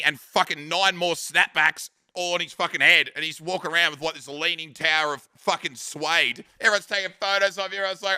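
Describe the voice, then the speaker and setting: Bright, profane Australian man spinning stories. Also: medium pitch, no echo, clean studio sound. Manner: profane, animated storytelling with voiced quotes. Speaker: podcast host. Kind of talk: casual storytelling chat.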